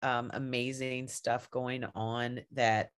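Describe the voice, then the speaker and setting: A woman's voice: a bass voice, little pitch movement, slow pace, smooth. A woman podcast host in casual chat, candid and laughing often, swearing now and then.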